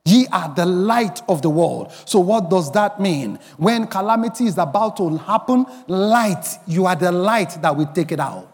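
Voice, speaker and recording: Man, high-pitched pastor preaching in a church hall with long reverb; emphatic, breaks into song and shouts. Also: expressive, measured pace, few pauses. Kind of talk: sermon.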